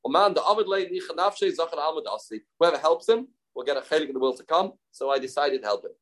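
A man's voice: fairly high pitch, expressive, quick pace, rough recording. A man teaching a daily Talmud class, reading Aramaic lines and retelling the story in casual English, acting out the dialogue.

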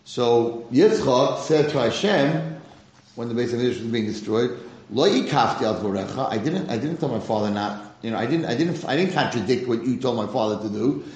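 A man's voice: medium pitch, moderate pace, darkish tone, reverberant, low-quality recording. A man teaching a religious lesson to a class, posing rhetorical questions and mixing in Hebrew terms. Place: room with a class present.

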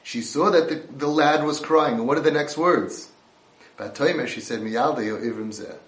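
Man, Torah lecture, impassioned, slightly high pitch, roomy echo. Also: moderate pace, fairly bright tone. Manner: impassioned, mixes Hebrew and Yiddish terms.

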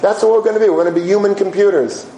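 A man's voice: high-pitched, rapid-fire. Guy teaching a yeshiva crowd, sermon storytelling, lots of rhetorical questions, echoey room. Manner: animated, rhetorical questions, Yiddish and Hebrew terms. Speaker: yeshiva teacher giving a talk. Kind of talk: sermon-style storytelling talk. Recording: roomy echo, faint background hum.

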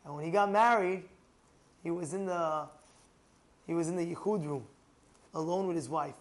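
A rabbi, a man with a notably high voice, teaches through homely stories. He keeps checking whether his listener follows, and his voice swings into shouts when he makes a point. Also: normal speed. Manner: animated, asks the listener rhetorical questions, raises voice to a shout for emphasis. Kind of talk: storytelling talk on marriage.

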